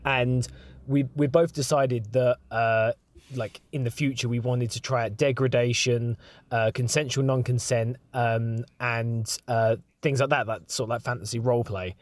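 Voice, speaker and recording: Man, storyteller, mid-pitched and dry-miked, loose, filler-heavy delivery. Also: steady tone, normal speed, dry recording. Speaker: story contributor. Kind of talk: recounting a personal story.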